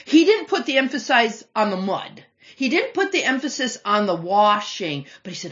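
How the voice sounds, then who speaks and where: A woman's voice: mid-range voice, sing-song, a little fast, fairly bright tone. A woman teaching a Bible study lesson, explaining scripture and reading verses aloud with emphasis. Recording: slightly dull lo-fi recording.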